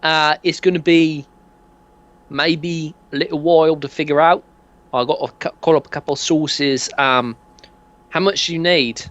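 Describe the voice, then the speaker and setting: A man's voice: fairly high pitch, steady tone, moderate pace, fairly bright tone, voice pushed up, natural voice. A man voicing a pushy, sleazy male fixer who keeps nudging and saying "mate", on dull lo-fi audio. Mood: wheedling. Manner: wheedling, nudging, full of "mate" and "eh".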